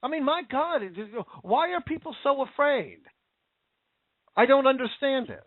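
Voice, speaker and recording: Very high-pitched and expressive, a man rants angrily at a moderate pace, swearing, asking rhetorical questions, and sometimes slipping into sarcasm. He's a commentator, and the sound is dry, echo-free, and phone-like.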